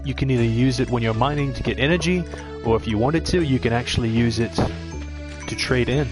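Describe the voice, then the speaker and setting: A man at an ordinary mid pitch, talking casually as he plays and walks viewers through tips. Clear game music plays behind his voice throughout. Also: a little fast. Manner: chatty, explains tips to viewers. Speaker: let's play streamer. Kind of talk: casual gameplay commentary.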